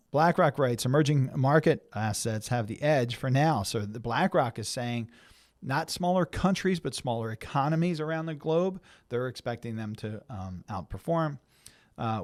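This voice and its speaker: Man hosting a halting financial webinar. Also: medium pitch, a little mellow, no echo, studio quality. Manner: halting, many fillers and restarts, reads quotes aloud. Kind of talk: webinar talk reading and explaining market news.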